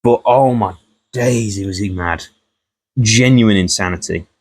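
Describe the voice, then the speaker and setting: A man's voice: on the low side, measured pace. A young man rambling casually through a profane commentary vlog, often laughing at the story.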